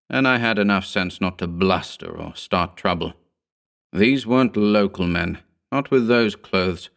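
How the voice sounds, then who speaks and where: A man with a fairly low voice reads a horror story aloud. His delivery is measured and steady, told in the first person. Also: clear, resonant tone. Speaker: audiobook narrator. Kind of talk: scripted horror narration.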